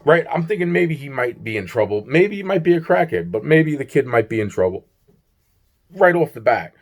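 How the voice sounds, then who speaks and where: A man with a higher, sing-song voice talks at a moderate pace as he vlogs about a strange encounter. The storytime is rambling and profane, and he performs both sides of the exchange while repeating himself frequently.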